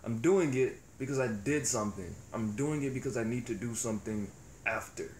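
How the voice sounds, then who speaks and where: A man's voice: medium pitch, fairly quick, darkish tone, slight background noise. A young man rambling in a profane, reflective casual monologue as a vlogger. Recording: echoey room with faint ambience.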